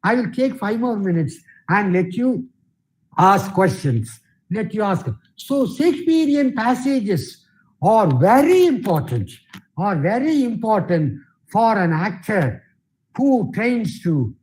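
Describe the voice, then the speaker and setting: A man's voice: high-pitched, big pitch swings, slow pace, darkish tone, low-quality recording. A middle-aged man giving a workshop lecture on voice training, repeating his phrases and often saying "you see". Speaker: guest speaker, theatre director and English professor.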